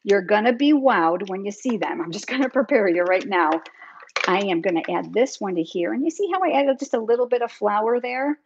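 A woman's voice: medium pitch, husky, muffled recording. A middle-aged woman teaching card making on a live stream, chatty and upbeat, talking straight to her viewers. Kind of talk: live crafting tutorial. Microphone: demonstrating at a craft table, hands busy.

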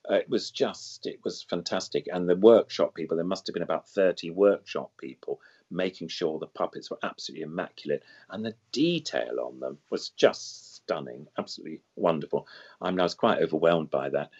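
A man's voice: low-pitched, a little fast, a little mellow, slightly rough. An older man, a guest puppeteer, reminiscing in an interview, enthusiastic and full of superlatives, wandering off on side paths and back. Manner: digressive, loses then regains the thread. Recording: dull lo-fi sound.

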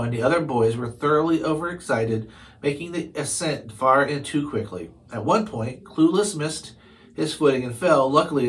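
A man's voice: medium pitch, fairly bright tone, poor audio. A man reading a children's chapter book aloud, now and then stumbling over a word and correcting himself. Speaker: storybook reader.

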